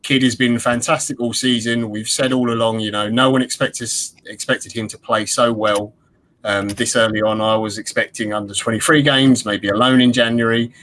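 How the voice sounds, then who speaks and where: A man's voice: mid-range voice, steady tone, normal speed, fairly bright tone, rough recording. A man, a guest on a casual football podcast, giving detailed and upbeat opinions on the lineup. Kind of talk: casual football analysis chat.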